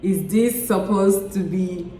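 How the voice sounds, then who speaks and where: A woman's voice: medium pitch, slow, warm tone, reverberant, faint music behind, poor audio. A woman channel host wrapping up her video in a friendly way, inviting comments. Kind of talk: video outro.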